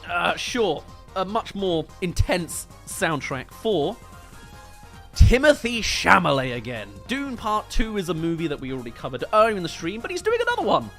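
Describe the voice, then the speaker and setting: A man's voice: high-pitched, wildly swooping pitch, moderate pace, fairly bright tone, soft background music. A British man hosting a movie review livestream, chatting casually and joking as he answers viewer comments.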